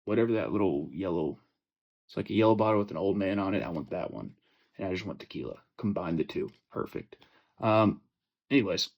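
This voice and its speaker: A man's voice: sits low, lively intonation, a little fast, creaky, lo-fi sound. A young man hosting a casual fantasy football chat, profane and joking, rambling with lots of fillers and restarts. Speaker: fantasy football podcast host.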